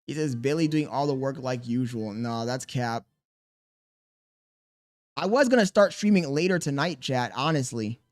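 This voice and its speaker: A man's voice: medium pitch, lively intonation, moderate pace, pauses often. A young man streaming casually, reading chat aloud and answering with mock exasperation while talking to his baby daughter.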